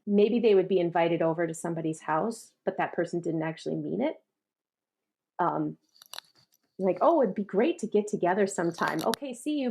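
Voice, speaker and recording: Woman, gravelly edge, from rural Minnesota, animated storyteller, does voices of people she quotes. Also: lowish voice. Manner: animated storyteller who acts out quoted voices and laughs often. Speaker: guest, artist and rural advocate. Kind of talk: casual conversation.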